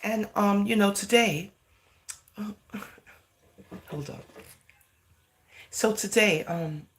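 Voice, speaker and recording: A woman's voice: medium pitch, takes it slowly, a bit bright, a little hiss or hum. A woman from England, vlogging in a chatty, rambling monologue. She fills her talk with "you know" and "right?" and slips into Jamaican-style phrasing. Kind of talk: casual talking-to-camera monologue.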